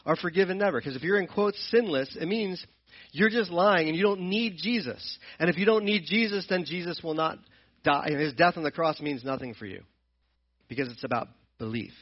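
A man's voice: fairly high pitch, fairly quick, muffled recording. A man teaching from the Bible in an earnest, explanatory way, often repeating and restarting his phrases. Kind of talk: sermon-style Bible teaching.

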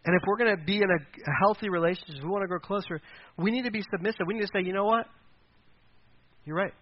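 A man's voice: high voice, racing, dull audio. A pastor preaching a sermon in a conversational way, acting out quoted voices as he goes.

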